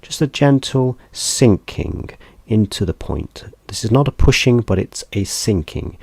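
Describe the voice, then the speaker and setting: Man, very low voice, dry close sound, soft-spoken, gentle massage tutorial. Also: gravelly, no echo. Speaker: massage instructor. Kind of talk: calm instructional demonstration.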